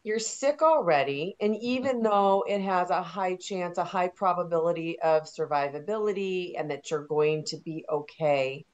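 A woman hosting an interview, asking questions in a gentle, appreciative, inquisitive way. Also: fairly low pitch, normal speed, few pauses, highs cut off. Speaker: interviewer and host.

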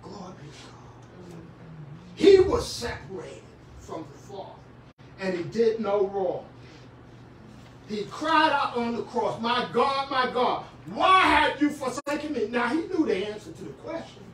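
A male preacher giving a sermon, moving from quiet talk to fervent shouting and often repeating words as he speaks. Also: sits high, big pitch swings, measured pace, recorded from a distance, a little hiss or hum. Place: church sanctuary. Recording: very echoey church from afar.

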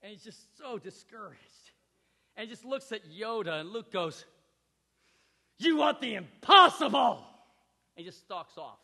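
A male pastor preaching a sermon with animated storytelling, acting out scenes, in a church hall. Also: high voice, normal speed. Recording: echoey hall reverb.

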